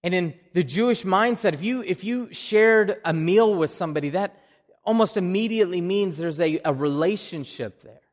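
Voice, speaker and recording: Conversational Oklahoma-accented pastor preaching. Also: male voice, sits high, moderate pace, long reverb tail. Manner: conversational, repeats words when restarting. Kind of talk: sermon. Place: church.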